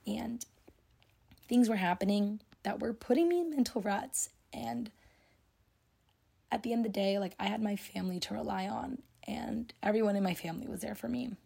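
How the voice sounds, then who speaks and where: Husky young woman hosting a podcast. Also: medium pitch, moderate pace, warm tone. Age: young adult. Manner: chatty, lots of "like" and "you know". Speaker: podcast host. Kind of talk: casual solo podcast talk.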